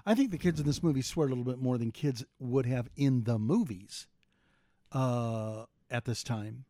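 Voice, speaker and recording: A man's voice: mid-range voice, moderate pace, warm tone, no echo, studio quality. A middle-aged man, a podcast co-host, talking through a film casually with lots of ums and restarts. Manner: rambling, many fillers and restarts.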